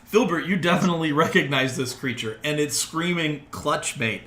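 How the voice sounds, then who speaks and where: A man's voice: on the high side, a little fast, fairly bright tone, roomy sound, slight background noise. A man narrating a tabletop game as game master, in an easygoing way with frequent laughs.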